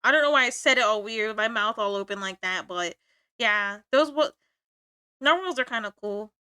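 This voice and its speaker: Playful high-pitched woman streamer. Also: lively intonation, moderate pace, bright, forceful tone, clear, resonant tone, dry recording. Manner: playful mock-angry banter with frequent laughs. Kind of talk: casual livestream chat.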